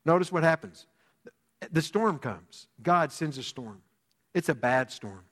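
Male pastor, higher voice, dramatic sermon delivery, reverberant hall. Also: lively intonation, a little slow. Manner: dramatic preaching, swinging from loud to hushed.

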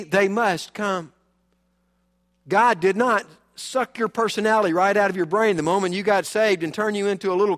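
Pastor, male, high voice, emphatic sermon delivery, church hall reverb. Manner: animated, emphatic preaching with swings between loud and quiet.

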